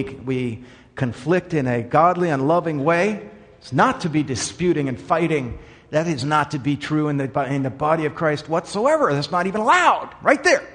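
A man preaching a sermon in an earnest way, dropping to quiet asides and then rising to emphatic points. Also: a little high, in a large hall. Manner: earnest, swings between quiet asides and emphatic raised lines. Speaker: pastor.

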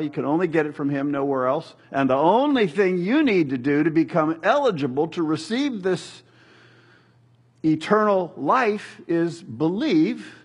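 A middle-aged man preaching a sermon in a conversational, animated way, joking and acting out quotes. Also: on the high side, slightly rough. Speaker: pastor.

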